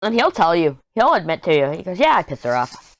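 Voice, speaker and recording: A woman's voice: fairly low pitch, big pitch swings, fairly quick, slight background noise. A middle-aged woman vlogger chatting casually and bluntly over a headset mic while she crafts, telling candid stories with lots of asides. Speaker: diamond painting vlogger.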